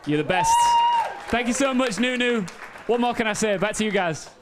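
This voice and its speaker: A man interviewing a winning player live on the event floor in an excitable, upbeat manner. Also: very high voice, normal speed, a faint crowd. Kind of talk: live post-match interview. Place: esports event venue. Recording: noisy crowded event floor.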